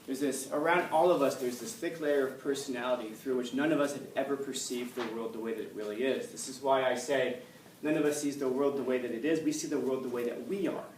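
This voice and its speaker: A man's voice: medium pitch, a little fast. A man teaching a class, blunt and forthright, who keeps throwing rhetorical questions at his students. He is picked up from some distance away in an echoey classroom. A faint hum runs under his voice. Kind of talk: classroom lecture.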